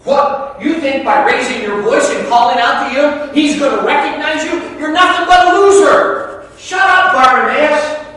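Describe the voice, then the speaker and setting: A man voicing a scornful male bystander who mocks and hushes a beggar, in an echoey hall heard from far off. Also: very high voice, moderate pace, pitched above the performer's own voice. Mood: mocking. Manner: mocking, belittling, raised voice.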